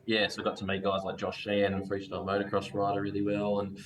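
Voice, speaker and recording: A man from Perth with an Australian accent, telling his career story as a guest in a relaxed, rambling way on a video call. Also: fairly low pitch, quick pace, background noise. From Perth, Western Australia. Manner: laid-back, rambling, casual slang.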